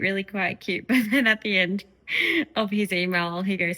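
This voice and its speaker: A woman's voice: medium pitch, steady tone, normal speed, bright, forceful tone, low-quality recording. A young woman chatting casually in a reading vlog, giggling often as she gushes over a romance book and reads bits aloud. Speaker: book vlogger.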